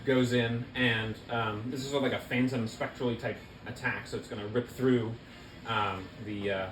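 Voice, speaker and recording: Echoey halting game master. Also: medium pitch, steady tone, background noise. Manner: halting, many fillers while describing. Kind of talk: narrating a tabletop game.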